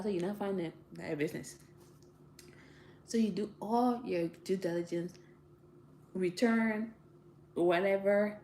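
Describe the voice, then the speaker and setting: A woman talking casually to viewers, giving direct, animated advice and laughing often. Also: mid-range voice. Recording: roomy echo, faint ambience.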